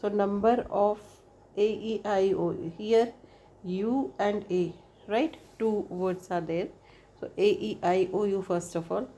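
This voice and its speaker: A woman teaches an English lesson at an unhurried pace. She repeats each point and spells out the vowels one by one. She checks in with the listener between steps. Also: medium pitch, fairly even intonation, dark tone. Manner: frequent "right?" checks with the listener. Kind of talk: explanatory lesson.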